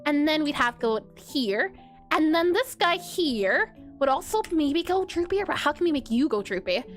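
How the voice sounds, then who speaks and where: A woman's voice: high-pitched, very animated, moderate pace, soft background music. A woman streamer thinking aloud and chatting in a giggly way while she draws pixel art. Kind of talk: casual live-stream drawing commentary.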